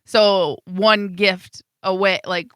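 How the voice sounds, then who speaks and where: A woman co-hosts a morning radio show and joins the casual banter with short, easygoing remarks. Her voice is bright, crisp and smooth, at a middle pitch. The studio sound is dry and close. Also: steady tone, slow, no echo.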